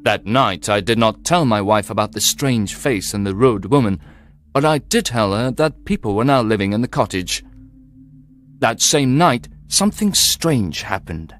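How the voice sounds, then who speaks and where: Expressive male audiobook narrator. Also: on the low side, moderate pace. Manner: clear, expressive first-person telling. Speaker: storyteller. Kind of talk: scripted audiobook narration for learners. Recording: soft background music.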